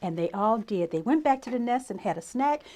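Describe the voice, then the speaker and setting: A middle-aged woman reading a picture book aloud to young children, gentle and animated. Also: fairly high pitch, fairly quick. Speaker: children's story reader.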